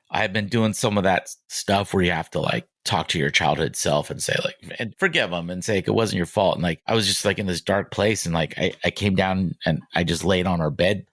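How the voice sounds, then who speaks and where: A man in his forties, a podcast guest, telling personal stories candidly with halting restarts and lots of filler words. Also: deep voice, fairly bright tone, no room sound, studio quality. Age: 40s.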